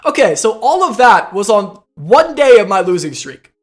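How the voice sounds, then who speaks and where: High-voiced man coaching gamers. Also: sing-song, normal speed. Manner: conversational, repeats "right?" and "like". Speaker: League of Legends coach. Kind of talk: casual explanatory talk to camera.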